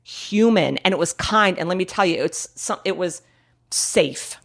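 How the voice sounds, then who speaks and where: A woman in her forties, a guest actor on a casual podcast, telling stories in an animated, laughing way and trailing off mid-thought. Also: fairly low pitch, measured pace, vocal fry. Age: 40s.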